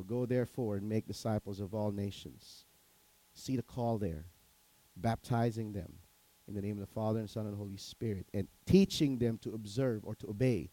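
A man's voice: lowish voice, warm tone, no room sound, poor audio. A man preaching a sermon as pastor, telling stories animatedly, acting out quotes and asking the congregation questions.

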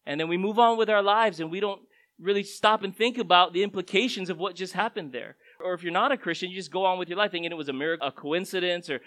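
A man's voice: high-pitched, quick pace, a bit bright, low-quality recording. A man preaching a sermon in a conversational, storytelling way, his voice rising and dropping for emphasis. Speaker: pastor.

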